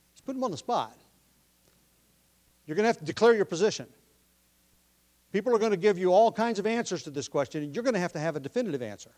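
A pastor preaching a sermon, explaining the text from his notes and pressing his listeners with forceful questions. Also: on the high side, quick pace. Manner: teaching from notes, explains word meanings.

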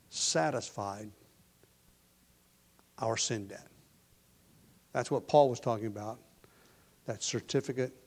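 Preacher with soft, hushed delivery. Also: male voice, medium pitch. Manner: shifts between hushed, soft passages and loud emphatic lines; restarts and repeats words while explaining. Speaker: pastor. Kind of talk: sermon.

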